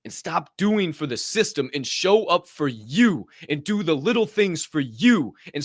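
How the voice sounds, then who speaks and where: A man's voice: fairly high pitch, big pitch swings, a little slow, hardly any pauses, no echo, studio quality. A man hosting a podcast, delivering a fiery, profane motivational monologue in reaction to a clip. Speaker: podcast host.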